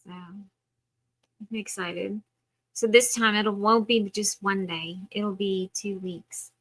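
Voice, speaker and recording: A woman co-hosting a casual chat, unhurried and mostly giving short replies. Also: mid-range voice, fairly even intonation, a bit bright, rough recording.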